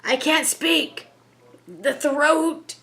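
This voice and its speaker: A woman's voice: mid-range voice, sing-song, drawn-out words, pushed and bright, heavily acted. A woman voicing a distressed male spirit who speaks through a medium, crying out in frightened, broken pleas. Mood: angry. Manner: pleading, frightened, broken repeated cries. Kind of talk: dramatic story reading.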